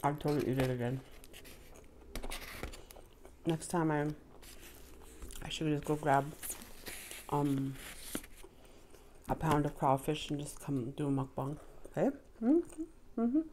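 A woman's voice: sits low, expressive, takes it slowly, pauses often, mellow, slight background noise. A middle-aged woman vlogger chatting casually to the camera while she eats, humming between bites. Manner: chatty, eating between words, frequent mm-hmms. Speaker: mukbang vlogger. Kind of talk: casual chat while eating.

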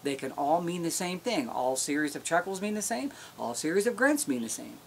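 A man's voice: fairly high pitch, lively intonation, fairly quick, gravelly, a little hiss or hum. A man teaching how to make elk calls, explaining in a folksy, step-by-step way. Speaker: elk calling instructor. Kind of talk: instructional demonstration.

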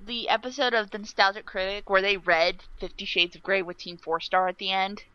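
A woman chats casually as a podcast co-host, swearing freely and rambling from thought to thought. Her voice is bright and forward, captured dry on a slightly dull, lo-fi mic. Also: medium pitch, steady tone, brisk, clean tone, dry recording. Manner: swears freely, laughs often. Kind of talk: casual chat.

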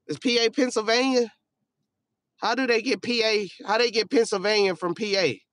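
A man chats loosely on his livestream, joking and cursing as he reacts to viewer comments. His voice sits a little high for a man, and the close mic keeps it dry with no room sound. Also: fairly even intonation, normal speed, a bit bright, dry recording. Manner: loose, joking, profane, trails off into mumbling. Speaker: livestream host. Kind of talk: casual livestream chat reading viewer comments.

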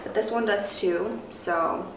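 A young woman chatting loosely through a beauty product review, her voice raspy because she has just woken up, full of fillers and rambling asides. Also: mid-range voice, takes it slowly. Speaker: beauty vlogger. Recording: echoey room, mic at a distance, faint noise.

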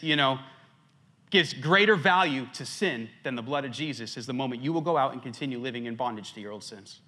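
A man pastor preaching a sermon, swinging between loud emphatic stretches and hushed ones, a little out of breath. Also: high voice.

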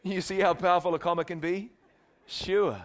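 A male preacher delivers a sermon with a fairly high speaking voice. He talks to the audience in a casual, conversational way, dropping to quiet asides and then rising to emphatic, raised lines. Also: steady tone, moderate pace. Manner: conversational, swings from soft to emphatic. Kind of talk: evangelistic sermon.

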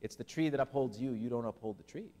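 A man preaching a sermon as pastor, animated and lively, with humorous asides to his listeners. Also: medium pitch, quick pace. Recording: long hall reverb.

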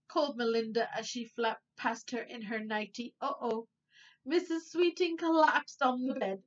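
Teacher lady reading a kids story, high bouncy voice, slow and expressive, kinda muffled. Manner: animated and expressive, with asides. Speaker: children's teacher and host. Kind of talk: storybook read-aloud for children. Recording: dull lo-fi recording.

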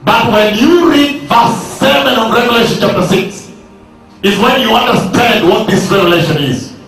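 High-voiced man preaching in an echoing hall. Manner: slow, emphatic preaching that rises to shouts. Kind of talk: sermon. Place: large hall at a university. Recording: echoey hall, from far off, faint music.

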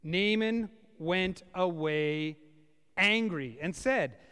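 A male pastor preaching a sermon to a small congregation in a church, with a dramatic delivery that swings from loud to hushed. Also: a little high, sing-song, a little slow. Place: church, before about fifty people. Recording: reverberant church hall.

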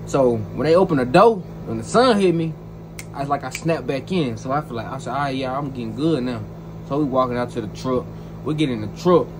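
A young man telling a personal story in a casual, animated way, full of slang and repeated phrases. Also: mid-range voice, noisy background.

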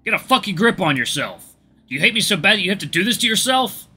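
A man voicing an abusive man who shouts and curses at his partner in a game story. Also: high voice, big pitch swings, fast, slightly rough, voice pushed up, full character voice. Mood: furious. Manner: shouting, cursing, bullying. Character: abusive, yelling man in a flashback.

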